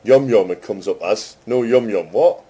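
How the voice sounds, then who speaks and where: A man casually chatting with an AI assistant, amused and teasing, speaking slowly and carefully to it. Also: on the low side, dark tone, slightly rough. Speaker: host testing a voice chatbot. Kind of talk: casual chat with an AI.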